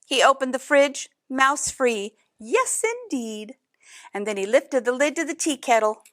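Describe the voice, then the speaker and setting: A woman reading a picture book aloud in an expressive way, adding chatty asides to young listeners. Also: sits high, unhurried. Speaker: storybook reader.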